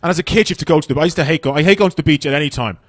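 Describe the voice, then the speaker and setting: A man's voice: a little high, racing, dry recording. An Irish man in his thirties doing a stand-up comedy set on a club stage, chatty and swearing as he tells stories. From Ireland. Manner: chatty, swearing, animated storytelling.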